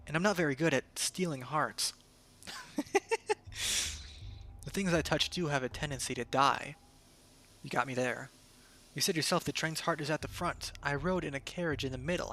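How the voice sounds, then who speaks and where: A man voicing a dry, patient male scientist in a game, reading his lines in a measured, slightly weary way. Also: a little high, sharp tone, a little hiss or hum.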